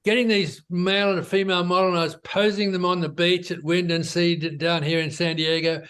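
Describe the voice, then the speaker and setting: A man, a business founder, telling his story in a relaxed, conversational interview, often tossing in "you know" and "right?". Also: high voice, a little fast, clean tone.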